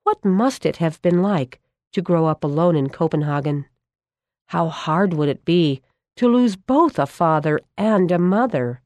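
Reading a storybook aloud, a woman speaks calmly and in a measured way. Her voice sits on the low side, recorded close and dry without any room echo.

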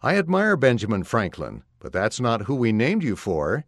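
A man reading aloud and voicing a calm, kindly father who speaks slowly and reassuringly. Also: medium pitch, no echo, studio quality. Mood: gentle.

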